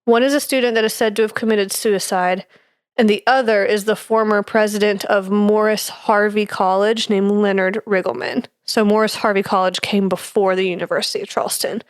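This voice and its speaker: A woman's voice: mid-range voice, fairly even intonation, a little fast, clean tone, no echo, clean studio sound. A young woman co-hosting a podcast, reading through her notes in casual chat with fillers and easy laughs. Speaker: podcast co-host presenting research.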